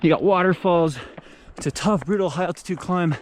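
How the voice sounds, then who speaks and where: A man narrating a trail run out loud in a casual, enthusiastic way, out of breath as he climbs a high mountain trail outdoors. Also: brisk, slight background noise. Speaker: trail running vlogger and coach. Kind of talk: casual vlog narration while running.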